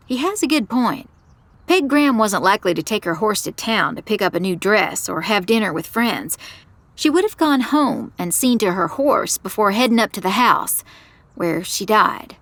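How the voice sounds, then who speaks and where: A woman giving first-person scripted narration of an audio drama in a measured storytelling manner. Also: mid-range voice, sing-song, a bit bright, no room sound.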